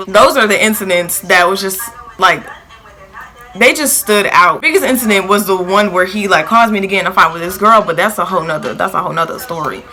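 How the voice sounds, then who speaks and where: A young woman telling a storytime vlog in a lively, filler-heavy way, acting out quotes, with features. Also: medium pitch, a little fast, slight background noise, rough recording. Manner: animated, filler-heavy retelling with acted quotes. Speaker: vlogger.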